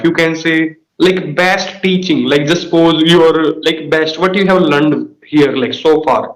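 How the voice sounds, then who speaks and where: A young man with a high voice, asking polite questions and tacking "sir" and "like" onto his sentences. The room around him is echoey and roomy. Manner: polite, calls the other "sir", uses many fillers like "like". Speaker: student interviewer. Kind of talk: conversational interview.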